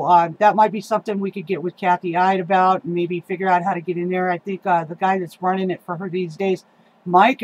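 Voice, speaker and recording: A woman's voice: mid-range voice, a little mellow, rough recording. A middle-aged woman giving a casual, rambling rant about local politics, heated and swearing, with lots of ums and uhs.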